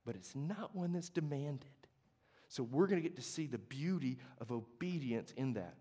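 A young adult man preaching a sermon as pastor, conversational and passionate, moving from hushed to emphatic. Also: mid-range voice, animated, moderate pace, husky.

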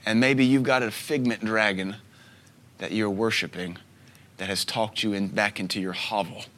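A man in his thirties preaching a sermon as a pastor, telling stories with soft asides and sudden loud bursts. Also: lowish voice, steady tone, moderate pace. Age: 30s.

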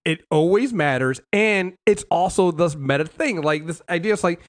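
A young adult man hosting a casual TV recap show, talking in a lively, rambling way full of fillers and restarts. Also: fairly high pitch, normal speed. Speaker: podcast host.

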